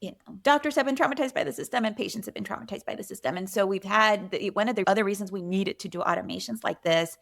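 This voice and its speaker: Quick and gravelly with few pauses, this mid-range female voice belongs to a middle-aged physician guesting on a podcast. Her casual interview chat is peppered with "you know" and "right?".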